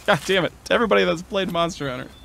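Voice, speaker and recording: A man streaming a game, commentating live with excitable, profane trash talk at the monster he fights. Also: high voice, very fast, gravelly. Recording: loud background noise.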